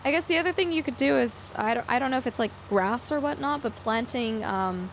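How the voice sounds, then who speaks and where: A woman's voice: a little high, a little fast, a little hiss or hum. A woman live-streaming a farming game, casually chatting with viewers in a loose, rambling way full of fillers. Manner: chatty, loose, lots of fillers while answering chat. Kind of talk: casual live-stream chat while gaming.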